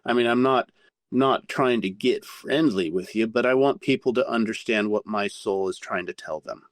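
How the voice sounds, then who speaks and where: A man telling a candid story as a podcast guest, animated and full of swearing. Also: fairly low pitch, moderate pace, no echo, studio quality. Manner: profane, animated anecdote-telling.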